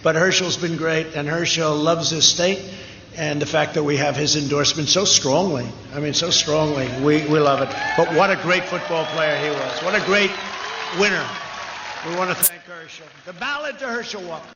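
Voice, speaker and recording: A man's voice: fairly high pitch, steady tone, normal speed, lo-fi sound, background noise. A man giving an off-the-cuff speech at a large outdoor rally, emphatic and repetitive, with rambling asides. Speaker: political rally speaker. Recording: echoey PA sound at a rally, cheering crowd behind. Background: crowd cheering.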